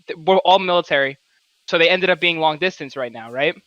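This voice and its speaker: A man's voice: a little high, a little fast, sharp tone, dry recording, lo-fi sound. A young man co-hosting a podcast, telling a story in a casual chat and laughing often as he talks. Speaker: podcast co-host.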